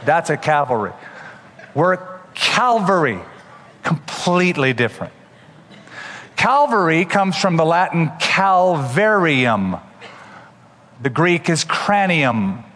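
A man's voice: a little high, very animated, takes it slowly, a bit bright, in a large hall. A man preaching a sermon as pastor, explaining scripture with humorous asides.

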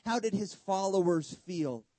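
A man preaching a sermon with emphatic delivery, rhetorical questions, sudden hushed drops and casual humorous asides. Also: sits high, a little slow, no room sound, rough recording.

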